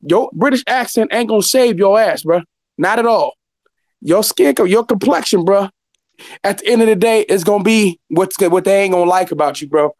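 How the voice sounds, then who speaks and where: A man's voice: high voice, a little mellow, no echo. A man ranting heatedly about boxing, profane and fired up. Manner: profane, fired-up, talks fast. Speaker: guest commentator.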